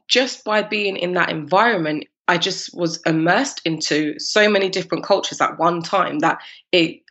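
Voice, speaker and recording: Appearing as a guest on a podcast, a cupcake business founder in her thirties from East London speaks in a fairly low voice with a London English accent. She laughs as she animatedly recounts her story, quoting and playing her former self, in a muffled recording.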